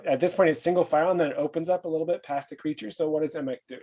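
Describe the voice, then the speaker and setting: A man running a tabletop game as game master, describing the scene in a relaxed way. He pauses a lot and fills the gaps with ums and likes. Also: on the high side. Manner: hesitant, many fillers, relaxed narration.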